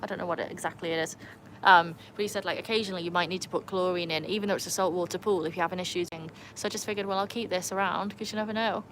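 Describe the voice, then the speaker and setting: A woman's voice: on the low side, fairly even intonation, rapid-fire, fairly bright tone, a little hiss or hum, low-quality recording. A woman with a mixed Birmingham and North Wales accent, chatting casually on a livestream and greeting viewers by name. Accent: mixed Birmingham and North Wales English. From England and North Wales. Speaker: livestream host. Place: home with a pool.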